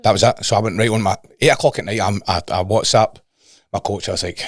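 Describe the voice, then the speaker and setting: A Scottish man with a lowish voice tells stories at a quick clip in casual chat, swearing and circling back on his words. The sound is dry and close. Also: fairly even intonation, dry recording. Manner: rambling storyteller, swears, repeats himself. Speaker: fitness coach and podcast co-host.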